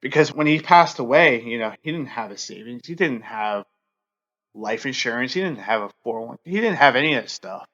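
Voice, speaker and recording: Male podcast host, 30s, middle pitch, halting and earnest, dull lo-fi mic. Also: expressive, a bit bright. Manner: halting, heavy use of fillers; earnest, open. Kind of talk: personal storytelling.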